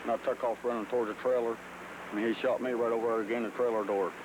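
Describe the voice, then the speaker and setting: A man giving a plain, halting account in a documentary interview outdoors. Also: medium pitch, flat delivery, noisy background.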